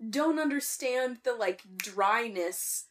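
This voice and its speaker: A woman's voice: on the high side, lively intonation, slow pace, a bit bright, slight background noise. A woman with an American accent, co-hosting a casual movie podcast, giggly and swearing freely. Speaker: podcast co-host. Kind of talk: casual movie recap chat.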